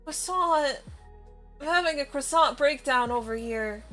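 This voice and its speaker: A woman streamer with a high voice talks slowly, rambling in bafflement and breaking into laughter. Faint music plays softly behind her. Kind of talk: casual live-stream chatter.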